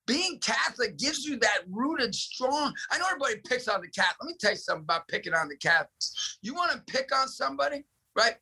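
A man's voice: extremely high pitch, animated, fast, vocal fry, few pauses, sharp tone, breathy edge, poor audio. A man, a ministry director and guest, talking with fervent, preacher-like emphasis in punchy, repeated phrases. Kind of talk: fervent preaching-style talk.

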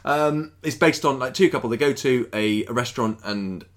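A man's voice: mid-range voice, moderate pace. A man co-hosting a casual podcast, giggly and rambling, swearing now and then. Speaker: podcast co-host. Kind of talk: casual chat.

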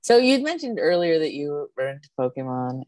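A woman with a low voice that swings lively up and down hosts a casual interview, laughing readily and cheering her guest on. Her sound is dry and close to the mic. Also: fairly quick, no room sound. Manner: laughs easily, encouraging. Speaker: podcast host.

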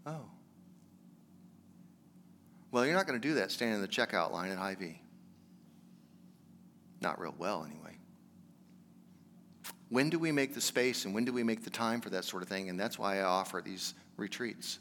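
A man's voice: lowish voice, expressive, moderate pace, long pauses, fairly bright tone, slight background noise. A man preaching a sermon as pastor, talking in a conversational, earnest way that builds to emphatic exhortation. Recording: long hall reverb.

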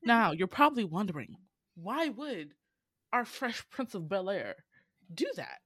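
A woman's voice: mid-range voice, unhurried, no room sound. A woman from Georgia with a Southern accent, hosting a podcast and telling stories in a casual, profane, dramatic way. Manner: animated, profane, dramatic voice swings. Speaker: podcast host.

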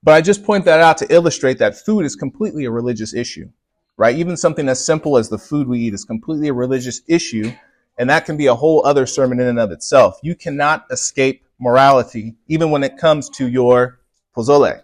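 A man's voice: mid-range voice, fast talker, no echo. Emphatic male preacher mid-sermon. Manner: emphatic, punches key words, talks with the congregation. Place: church with congregation.

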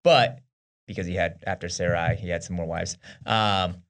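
A man co-hosting a podcast in a studio, chatting casually about faith with an energetic, slangy manner. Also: deep voice, normal speed. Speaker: podcast co-host.

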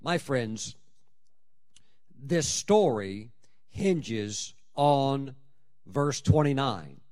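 A man preaching a sermon, emphatic, with dramatic swings in loudness and pitch. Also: sing-song, very slow. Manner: acts out prayers and scripture in quoted voices.

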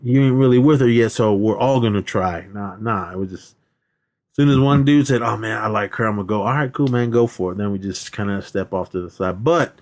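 A man co-hosting a movie podcast recaps scenes in easygoing chat, his voice brisk, somewhat low and a touch mellow. He laughs a lot and raises his voice to act out the characters' lines.

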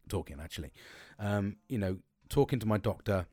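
A man's voice: lowish voice, animated, a little fast, darkish tone, husky, dry recording. Middle-aged man, sweary and blunt, rambling candid talk; dry recording. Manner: sweary, blunt, restarts often.

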